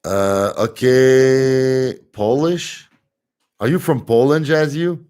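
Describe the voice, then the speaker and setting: Slow-talking man. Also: medium pitch, darkish tone, smooth. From Montreal, Canada. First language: French. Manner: chatty, answers viewer comments, laughs easily. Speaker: live-stream host. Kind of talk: casual live-stream chat.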